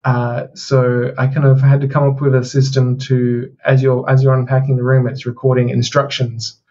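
A man game developer explains technical work in a casual interview, restarting his sentences as he goes. His voice is mid-pitched, on dull audio with a faint hiss behind it. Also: monotone, normal speed, warm tone.

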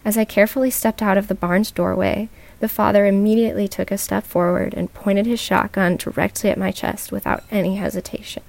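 A woman hosting a podcast, reading a true scary story aloud in a measured way with slow dramatic pauses. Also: mid-range voice, steady tone, vocal fry, a little mellow, no room sound. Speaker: podcast host and narrator.

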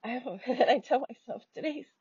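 A woman's voice: fairly high pitch, brisk, darkish tone, slightly rough, no room sound. A woman telling a story about her own experience in a casual, chatty way, swearing freely and using many fillers. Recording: dull lo-fi recording.

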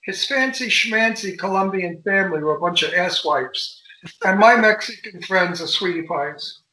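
Older man, animated storyteller, high bright voice, bawdy humor, roomy echo. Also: normal speed. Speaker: guest. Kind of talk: casual interview chat. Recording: echoey room.

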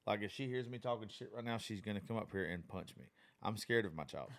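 A man's voice: fairly low pitch, fast, a bit bright, slight background noise. A man in his thirties in a casual chat, rambling with lots of fillers and swearing about his daughter.

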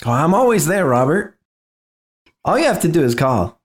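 A man's voice: fairly high pitch, big pitch swings, moderate pace, voice pushed up. A man doing a sly, falsely friendly stranger. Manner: smooth, veiled threats.

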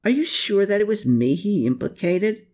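A man's voice: high voice, expressive, normal speed, darkish tone, pitched above the performer's own voice. A man putting on a wry, evasive lawyer. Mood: wry, defensive. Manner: dry, defensive quips. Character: evasive wry male lawyer under questioning.

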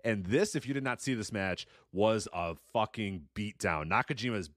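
A man's voice: lowish voice, normal speed, no room sound, studio quality. A man co-hosting a wrestling podcast, talking casually and swearing freely. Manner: animated, swears freely, mimics announcers. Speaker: podcast co-host.

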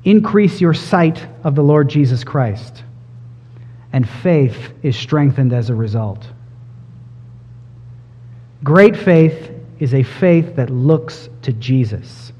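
A man's voice: medium pitch, animated, slow, pauses often, warm tone, slightly rough, big-room sound, muffled recording. A man preaching an expository sermon, earnest and emphatic, building in intensity.

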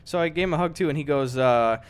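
A young man with a smooth voice talks at a quick pace. Co-hosting a podcast, he tells a story in casual chat and acts out its characters with big swings in pitch.

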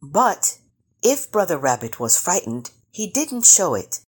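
Slow, expressive husky storyteller woman. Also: lowish voice. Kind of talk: reading a children's picture book aloud.

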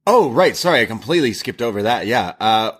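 A man co-hosting a wrestling podcast, talking in an animated, rambling way. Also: mid-range voice, fairly quick, breathy edge. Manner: animated, many fillers and restarts. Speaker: podcast co-host. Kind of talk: casual chat.

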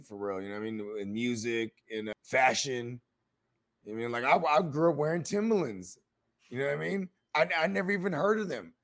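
Man, mid-pitched voice, podcast co-host, casual rambling chat. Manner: loose, rambling, keeps asking "you know what I mean".

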